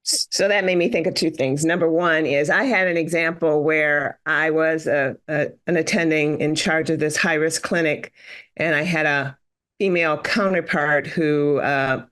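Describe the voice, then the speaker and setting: A woman's voice: low-pitched, fairly even intonation, normal speed, fairly bright tone. A middle-aged woman physician in a podcast conversation, telling stories with animation and acting out the exchanges she quotes.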